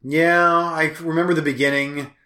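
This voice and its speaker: A man's voice: fairly high pitch, flat delivery, moderate pace, sharp tone. A man co-hosting a casual movie review podcast, laid-back, agreeable and wry. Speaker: podcast co-host and film reviewer. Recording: echoey room sound.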